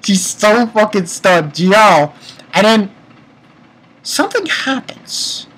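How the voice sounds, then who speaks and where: Guy ranting through a manga review, bright tone, cusses a lot, gets worked up. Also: high voice, low-quality recording. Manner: excitable, profane rants, retells scenes with quick quoted voices. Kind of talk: casual manga chapter review.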